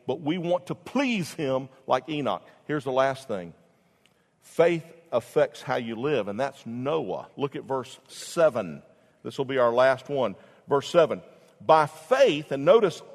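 A man preaching a sermon as pastor, rising loud for emphasis and dropping low, often restarting his phrases. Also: in a large hall.

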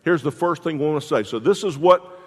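A fairly high, husky male voice preaches a little fast, with a long reverb tail hanging after each phrase. As a pastor he tells folksy stories, restarting his sentences time and again.

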